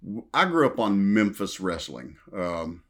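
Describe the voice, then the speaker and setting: A man's voice: low voice, big pitch swings, measured pace, fairly bright tone. A man from Western Kentucky with a Southern drawl, telling stories unhurriedly as a podcast guest. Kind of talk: casual podcast chat.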